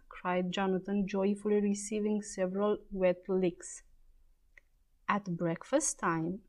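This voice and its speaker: A woman reading a children's story aloud in a clear, measured way. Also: medium pitch, darkish tone.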